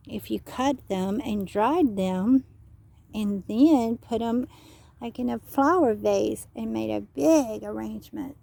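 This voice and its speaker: Woman guiding kids outdoors, teacherly and patient, slow delivery, mellow tone. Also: a little high, vocal fry. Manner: patient, teacherly, keeps asking children questions; spells words out letter by letter. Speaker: children's educator. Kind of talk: nature walk talk for children. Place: outdoors on a walk.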